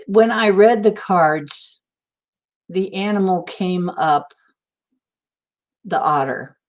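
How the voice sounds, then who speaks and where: A woman's voice: medium pitch, darkish tone. A middle-aged woman hosting a livestream who talks casually and rambles through stories and viewer questions. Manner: rambling, storytelling, answers chat viewers. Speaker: livestream host. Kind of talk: casual spiritual talk on a livestream.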